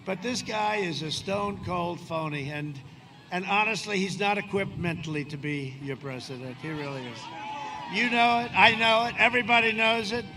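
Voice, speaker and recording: A man's voice: high-pitched, normal speed. A man in his seventies giving a boastful, rambling campaign speech with sarcastic asides at a windy outdoor rally. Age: 70s. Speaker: politician addressing a rally.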